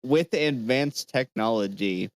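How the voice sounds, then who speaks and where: A man's voice: mid-range voice, slow, no room sound. A man co-hosting a casual podcast, telling a conspiracy story with jokes and swearing. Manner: joking, profane, storytelling. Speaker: podcast co-host presenting the topic.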